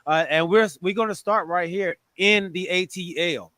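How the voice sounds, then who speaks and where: A man hosting a casual sports podcast, greeting listeners with energetic shout-outs. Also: sits high, normal speed, dry recording. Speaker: podcast host.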